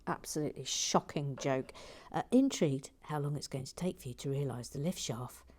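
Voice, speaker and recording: Wry woman, low mellow voice. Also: a little fast. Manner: chatty and wry, drifts into soft half-whispered muttering. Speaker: LEGO building channel host. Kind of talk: casual commentary while building, reading viewer comments.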